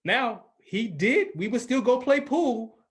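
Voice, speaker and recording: A man's voice: very high voice, lively intonation, takes it slowly, a bit bright. A man in his forties from California, a radio personality and podcast guest, speaking earnestly and with emphasis as he tells a personal story in casual conversation. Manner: earnest and emphatic, acts out quoted voices.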